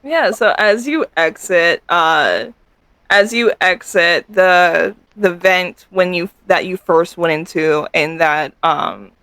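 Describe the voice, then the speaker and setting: A man narrating a tabletop game as game master, halting with many fillers. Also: high-pitched, sharp tone, clear, resonant tone, no room sound, rough recording.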